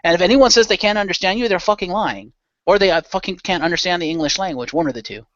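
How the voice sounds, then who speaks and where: A man's voice: high-pitched, fast talker, a bit bright, no room sound. A man chatting on a podcast panel, giving opinionated rants and swearing freely. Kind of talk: casual podcast chat. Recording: dull lo-fi dry sound.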